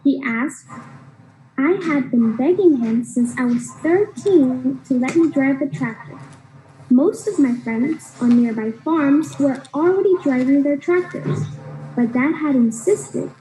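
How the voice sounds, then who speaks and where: A woman narrates a story from a script. Her voice is high and soft-toned, and she reads in an even, measured way. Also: low-quality recording. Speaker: audiobook narrator.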